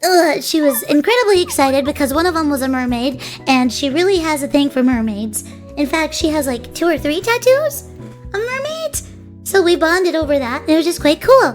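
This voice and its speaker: A woman streamer tells a story in a casual, animated way, rambling and cutting herself off as she goes. Her voice sits very high. Light music plays faintly in the background. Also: normal speed. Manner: animated, rambling, self-interrupting.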